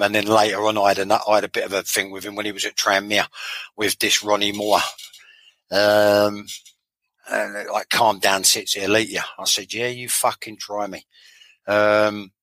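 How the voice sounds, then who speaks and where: A man's voice: fairly low pitch, bright, forceful tone, no room sound, low-quality recording. A man, a former footballer telling blunt, sweary stories in a casual interview, often repeating himself.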